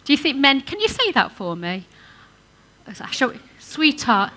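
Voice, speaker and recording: A woman's voice: sits high, sing-song, moderate pace, bright, forceful tone. A woman giving an informal sermon to couples, chatty and coaxing the audience to join in. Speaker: church speaker on marriage.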